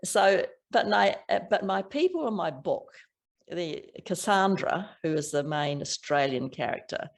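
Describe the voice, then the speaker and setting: An older woman with a strong New Zealand accent chats as an author guest in a casual interview, laughing often and restarting her sentences. Her lowish, gravelly voice is expressive and unhurried.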